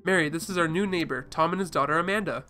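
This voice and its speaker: A man's voice: on the high side, fast talker, pushed and bright, faint music behind. A man voicing a hospitable suburban dad who introduces his neighbors. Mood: friendly. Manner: friendly, hospitable. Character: cheerful middle-aged suburban dad, host of a barbecue.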